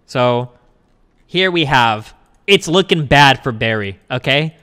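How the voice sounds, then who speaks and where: A man's voice: medium pitch, animated, sharp tone, smooth. A man co-hosting a casual stream discussion, blunt and argumentative, swearing freely. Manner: fast, blunt, argumentative, profane. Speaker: streamer and co-host.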